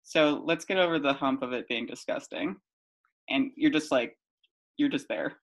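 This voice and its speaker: A woman's voice: rumbling low, moderate pace. A woman co-hosting a podcast in casual chat, playful and giggly, reading out odd news items. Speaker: podcast co-host.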